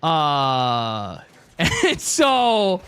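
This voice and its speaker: A man's voice: fairly high pitch, huge pitch swings, extremely slow, a bit bright, smooth. A young man streaming, chatting casually and rambling with jokes to his chat. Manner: rambling, joking, talks to chat.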